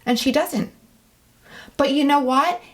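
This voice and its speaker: A woman co-hosting a casual podcast, chatty and quick to laugh, trading stories at a table. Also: high-pitched. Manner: chatty, laughs easily, mimics others' voices. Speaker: podcast co-host. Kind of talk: casual chat. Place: indoor studio table.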